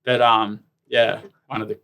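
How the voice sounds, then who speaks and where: A man's voice: on the low side, level tone, measured pace, sharp tone. An Australian man in his thirties, a guest telling stories in a casual interview, rambling with lots of "like" fillers. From Tasmania, Australia. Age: 30s. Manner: rambling, filler-heavy "like" storytelling. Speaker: guest, professional ironman athlete.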